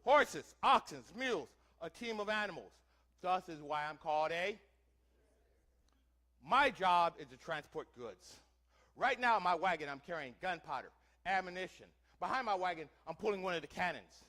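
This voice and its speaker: A man's voice: sits high, expressive, normal speed, pushed and bright. A man doing a first-person historical reenactment for a live audience, playing a wagon teamster and quizzing listeners with questions in a theatrical way. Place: church hall, before an audience.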